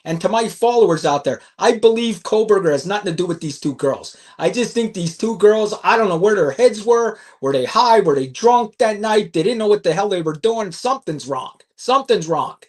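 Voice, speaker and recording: An excitable man co-hosts a true-crime podcast, his voice swinging widely in pitch. He talks emphatically and swears freely. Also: brisk, hardly any pauses. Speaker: podcast co-host.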